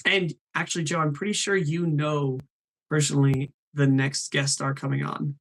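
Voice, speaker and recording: A man's voice: on the high side, little pitch movement, moderate pace, a bit bright. A man hosting a live stream, chatting in an upbeat way and reading names from the chat.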